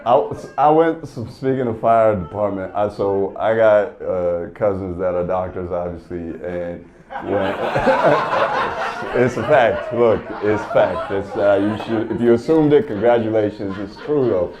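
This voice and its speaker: A man's voice: on the low side, a little slow. A man performing a stand-up comedy set, telling stories in an exasperated, profane way.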